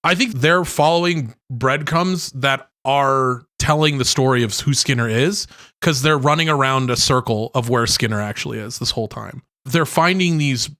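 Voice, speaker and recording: A man's voice: mid-range voice, normal speed, fairly bright tone. Teasing man co-hosting a podcast. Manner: teasing, blunt, swears casually. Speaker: podcast co-host. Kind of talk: casual chat.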